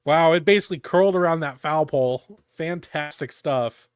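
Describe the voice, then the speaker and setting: A man giving live fan play-by-play of a baseball game, calm between pitches and shouting on big plays. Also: normal speed, clear, resonant tone, no echo, studio quality. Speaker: fan commentator.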